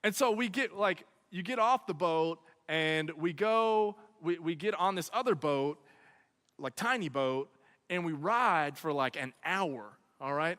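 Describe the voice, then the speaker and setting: A man telling a comic personal story to students, talking in an animated way and tagging his lines with "okay?" and "right?". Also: a little high. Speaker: speaker at a student event. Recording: long hall reverb.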